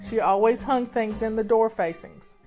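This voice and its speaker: A woman's voice: a little high, moderate pace, darkish tone. An older woman, chatting casually and folksily with her viewers as a home-organizing host. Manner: chatty, folksy, talks over background music. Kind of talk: casual live chat with viewers. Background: faint music playing.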